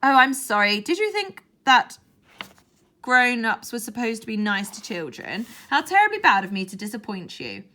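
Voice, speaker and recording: A cold, scheming woman politician who drips sarcasm and menace, her sweetness a thin icy cover, as a storyteller puts her on. The voice is bright and swoops in pitch. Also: very animated, moderate pace. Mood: menacing.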